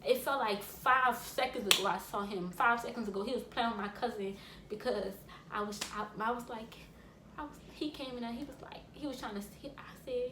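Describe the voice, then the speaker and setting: A woman's voice: on the high side, a little fast. A woman vlogger telling a casual, emotional story, rambling with many asides. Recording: echoey room with light background noise.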